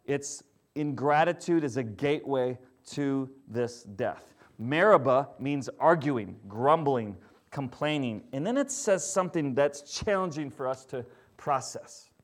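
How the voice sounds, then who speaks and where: An expressive pastor preaches at a measured pace, keeping the sermon conversational and regularly checking in with listeners. He moves back and forth between loud emphasis and quiet, low stresses.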